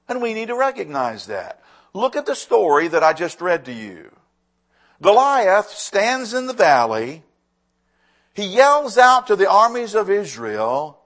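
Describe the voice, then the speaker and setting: A pastor delivering a sermon in a high, lively voice. He leans hard into emphatic lines, then drops to a hushed, intimate tone. His pitch rises and falls widely as he preaches. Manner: dynamic preaching, swings from loud emphasis to hushed.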